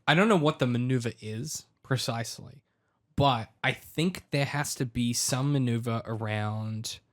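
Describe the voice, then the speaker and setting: A man co-hosting a casual podcast, enthusiastic and talking in quick bursts. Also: medium pitch. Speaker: podcast co-host. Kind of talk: casual chat.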